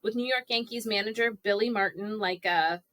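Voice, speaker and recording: A woman's voice: medium pitch, a little fast, bright, forceful tone, dry recording. A woman in her forties co-hosting a podcast, telling stories in a chatty way and putting on quoted voices. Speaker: podcast co-host. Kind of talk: casual podcast chat. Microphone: podcast microphone.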